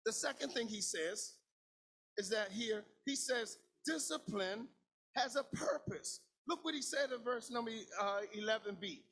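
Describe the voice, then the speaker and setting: A man preaching a sermon as pastor, in a shouted, sing-song cadence with lots of repetition. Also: sits high, moderate pace.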